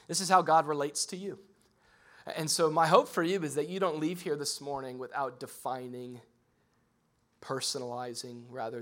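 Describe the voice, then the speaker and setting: A man preaching a sermon in a church, talking conversationally and climbing into loud, excited bursts. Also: mid-range voice. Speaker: pastor.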